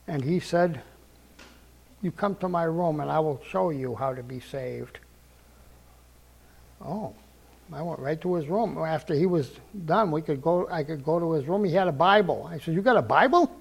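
An older man preaching a testimony in a fairly high voice with a gravelly edge. He tells his story earnestly, repeats phrases for weight and acts out the lines he quotes. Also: a little mellow. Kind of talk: sermon testimony.

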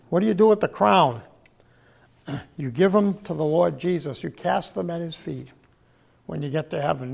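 Older man, preacher, sermon, hoarse failing voice, high-pitched, heavy gravel, frequent throat clearing. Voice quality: gravelly, husky. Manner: frequent throat clearing, swings between loud emphasis and low murmurs.

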